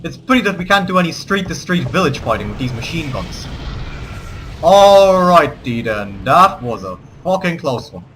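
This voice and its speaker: A man narrates his war game with a bright, somewhat high voice. He slips between mock-heroic battle speeches and casual cursing asides. Faint game sound plays underneath. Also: very animated, a little fast, few pauses, a little hiss or hum. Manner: theatrical in-character war speeches mixed with swearing asides. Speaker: let's play gamer. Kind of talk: gameplay commentary.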